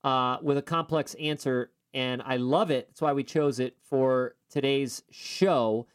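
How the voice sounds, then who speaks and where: A man from upstate New York hosting a podcast, talking in an upbeat, enthusiastic way with quick asides. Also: medium pitch, steady tone, clear, resonant tone. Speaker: podcast host. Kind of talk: casual podcast chat.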